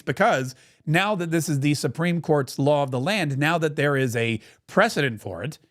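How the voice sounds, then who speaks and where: A man hosting a political commentary show, talking in an emphatic, sarcastic and mocking way. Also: fairly high pitch. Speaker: podcast host.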